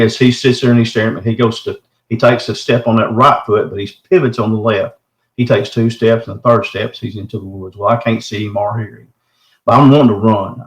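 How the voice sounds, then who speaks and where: Folksy man, roomy echo. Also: fairly low pitch. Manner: folksy, says "man" often, animated retelling. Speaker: guest telling his encounter. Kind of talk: casual first-person storytelling.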